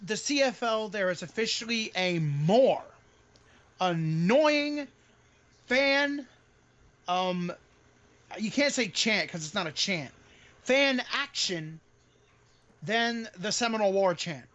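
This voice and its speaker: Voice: mid-range voice, expressive, slow pace, pauses often, fairly bright tone. A podcast co-host in casual live-stream chat, ranting with exasperation and plenty of swearing. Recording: dull lo-fi audio.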